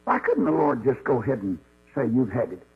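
Brief: male preacher, folksy storytelling sermon, lively swooping delivery, dull old recording with hum. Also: medium pitch, brisk, slightly rough. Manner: storytelling, acts out voices of God and Moses. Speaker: Baptist preacher.

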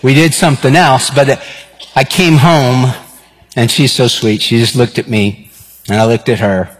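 A man, preaching a sermon and telling stories in an animated way. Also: mid-range voice, measured pace, breathy edge. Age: 50s. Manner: animated storyteller, acts out dialogue. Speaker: pastor. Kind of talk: sermon with personal storytelling. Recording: long reverb of a large hall.

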